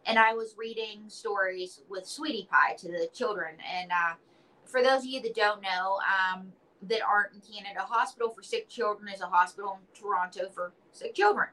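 In a low-quality recording, a woman with a mid-range, pushed and bright voice talks at a moderate pace as an interview guest. She's an entertainer and author, chatting casually and acting out quotes playfully in her stories.

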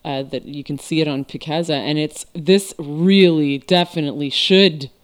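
A woman's voice: sits low, fairly even intonation, moderate pace. Woman podcast host, gushing and giggly, casual interview chat.

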